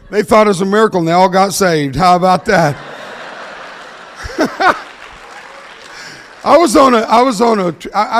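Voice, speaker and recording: An older man, giving a motivational speech that mixes jokes with storytelling and talks fast. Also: sits high, in a large hall. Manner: energetic, joking, fast-talking. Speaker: motivational speaker. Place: large hall before an audience.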